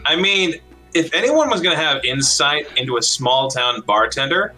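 A man's voice: on the high side, animated, normal speed, over loud music. A man playing a tabletop game, joking with the group and speaking for his character. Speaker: player. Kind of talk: casual tabletop play.

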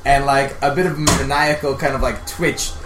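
A man playing a tabletop game, describing his character's actions hesitantly, with many pauses. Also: mid-range voice, level tone. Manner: hesitant, full of fillers. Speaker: player. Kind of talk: casual tabletop play. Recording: echoey room with background noise.

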